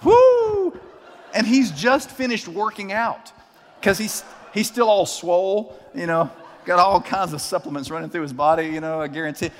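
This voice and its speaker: Male pastor, sermon with storytelling, animated, slightly high voice, reverberant hall. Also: normal speed. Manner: animated, acts out characters in his story.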